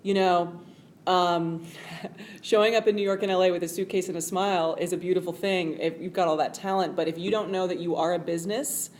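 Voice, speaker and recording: A woman co-hosting an interview chat, bubbly and quick to cheer her guest on. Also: on the low side. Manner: bubbly, excitable, quick with praise. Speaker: co-host.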